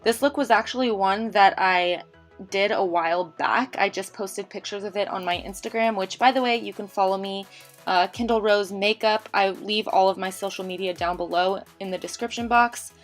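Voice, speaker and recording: Young woman, fast chatty makeup voiceover, winded, soft music underneath. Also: mid-range voice. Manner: rapid, chatty, slightly tongue-tied. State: out of breath. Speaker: makeup tutorial creator. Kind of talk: casual voiceover tutorial. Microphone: home voiceover mic.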